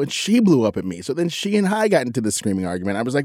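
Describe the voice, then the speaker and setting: A man's voice: medium pitch, big pitch swings, fast, hardly any pauses, darkish tone, no echo, studio quality. A middle-aged man casually telling a personal story as a podcast co-host, candid and self-critical, rambling with restarts.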